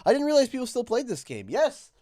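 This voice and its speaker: A man's voice: very high voice, huge pitch swings, fast talker, dark tone. A man with a Canadian accent, casually commentating a live gaming stream and rambling to himself as he clicks through menus.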